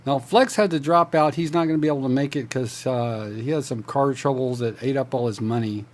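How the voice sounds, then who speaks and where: A middle-aged man hosting a gaming podcast in casual, chatty, jokey conversation. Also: medium pitch. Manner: chatty, jokey, quick to laugh. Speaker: podcast host. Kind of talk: casual chat.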